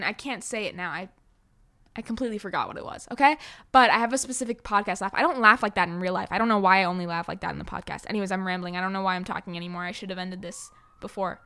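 A woman's voice: mid-range voice, pushed and bright. A young woman hosting a casual solo podcast, rambling and self-deprecating as she chats. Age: young adult. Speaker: podcast host.

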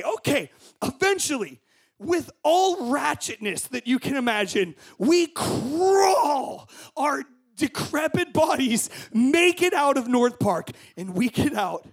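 A young man telling a story to a group as a camp speaker, acting out scenes with shouts and voices. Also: very high-pitched, sing-song, a little slow, breathy edge.

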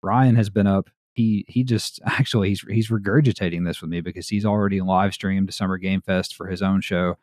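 Deep-voiced Southern American podcast host. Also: male voice, fairly even intonation, fairly quick, few pauses, darkish tone, no room sound, clean studio sound. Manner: laid-back, chatty, laughs often. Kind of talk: casual podcast chat.

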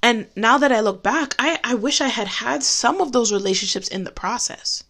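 A woman giving a personal Christian testimony in a candid, conversational way, slowing down to stress key phrases. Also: a little high, a bit bright. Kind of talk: personal faith talk.

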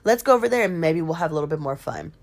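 A woman's voice: low voice, animated, very fast, creaky, heavily acted. A woman voicing a cheerful young cousin who insistently pushes two people together. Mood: coaxing. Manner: coaxing, insistent.

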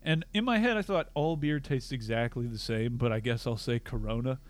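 A man's voice: mid-range voice, brisk. A young man co-hosting a podcast, chatting casually with friends in a joking, rambling, self-mocking way. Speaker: podcast co-host. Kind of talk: casual chat.

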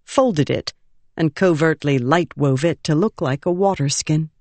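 An audiobook narrator reading a fantasy novel in a measured, expressive storytelling manner. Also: mid-range voice, no echo.

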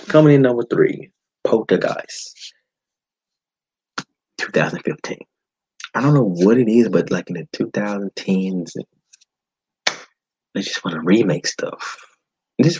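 A man hosting a podcast, giving a blunt, animated movie-review monologue with frequent swearing. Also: lowish voice, husky, no room sound, rough recording. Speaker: podcast host.

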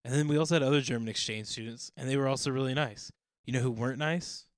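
A man's voice: mid-range voice, no echo. Joking man in casual chat. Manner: joking, quick banter with laughs.

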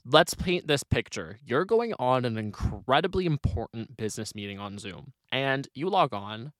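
A young man hosting his own solo podcast, talking in an animated, chatty way with lots of "like" fillers. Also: mid-range voice, moderate pace, no echo, clean studio sound. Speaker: podcast host.

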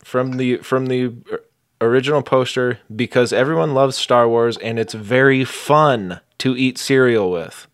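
A man's voice: mid-range voice, a little slow, clear, resonant tone, dry recording, studio quality. A man co-hosting a podcast, chatting in an easygoing, wry way. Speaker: podcast co-host. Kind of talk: casual comedic chat.

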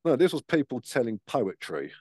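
A man's voice: medium pitch, big pitch swings, normal speed, warm tone, no room sound, clean studio sound. A man chatting casually on a podcast, swearing freely and acting out the voices in his stories. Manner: sweary, storytelling with acted-out voices. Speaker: podcast co-host. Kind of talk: casual chat.

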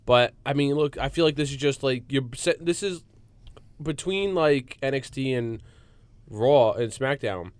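A man's voice: mid-range voice, expressive, a little slow, clean tone, no room sound. A young man co-hosts a casual sports talk show in a college radio studio. He is enthusiastic and rambles, filling his talk with "like." His voice is recorded dry and close to the mic. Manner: enthusiastic, rambling, lots of fillers.

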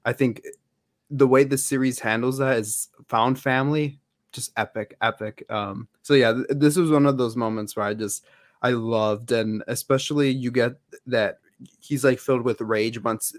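A man's voice: mid-range voice, steady tone, normal speed, no echo, clean studio sound. Rambling man in casual fan chat. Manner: rambling, with many fillers and restarts. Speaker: podcast co-host.

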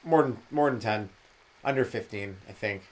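A man's voice: on the low side, moderate pace. Rambling, profane male comedian. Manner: loose and profane, slips into mocking voices for the people he quotes. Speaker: podcast host, comedian. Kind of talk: rambling solo comedy monologue.

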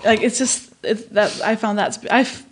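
A woman from Denmark with a Danish accent, hosting a podcast in casual chat, frank and quick to laugh. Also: mid-range voice, breathy edge. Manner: lively, frank, laughs easily. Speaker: podcast host.

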